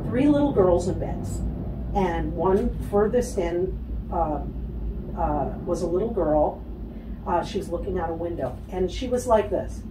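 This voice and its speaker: A woman telling a personal story as a guest in an interview, animated, acting out the voices of other people and laughing often. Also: mid-range voice, reverberant, distant mic, noisy background. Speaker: guest, spiritual healer.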